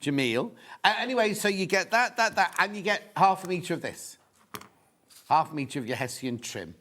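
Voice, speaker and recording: A man hosting a live TV shopping show, chatty and excitable, with lots of asides. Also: high-pitched, moderate pace. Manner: chatty and excitable, full of asides and sales counts. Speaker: shopping channel presenter. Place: TV studio.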